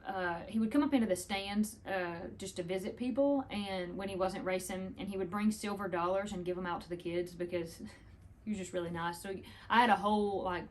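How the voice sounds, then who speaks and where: A woman, chatting casually to the camera, rambling through a story with laughs. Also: mid-range voice. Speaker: vlogger.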